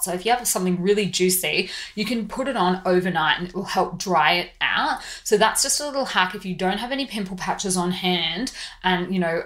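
A woman's voice: fairly low pitch, a bit bright. A woman with an Australian accent hosting a podcast, giving casual skincare advice in a chatty, informal way. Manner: chatty and informal, explains plainly with easy laughs. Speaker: podcast host.

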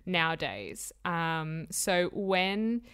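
A woman hosting a casual interview, relaxed and hesitant, with lots of ums. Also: lowish voice, drawn-out words, clear, resonant tone. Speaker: interview host.

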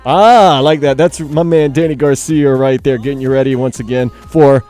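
A young man hosting sports radio, playful and energetic, jumping up in pitch to hype the coming shows. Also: moderate pace, soft background music. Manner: energetic, playful, jumps high in pitch for emphasis. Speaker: radio host. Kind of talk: upbeat sports radio promo. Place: radio studio.

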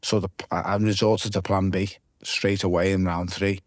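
Guest: low-voiced man with a Liverpool accent, vivid swearing storyteller, dry close sound. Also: flat delivery, moderate pace, no echo. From Liverpool, England. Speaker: guest, former boxer. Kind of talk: casual podcast interview.

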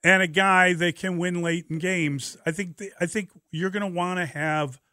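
Bright, energetic sports radio host. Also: male voice, high voice, moderate pace, no echo, clean studio sound. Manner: emphatic, energetic.

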